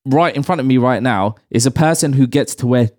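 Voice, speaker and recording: A man's voice: mid-range voice, a little fast, a little mellow, dry recording. A man hosting a podcast from a small home studio, chatting and teasing his friends. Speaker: podcast host. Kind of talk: casual chat.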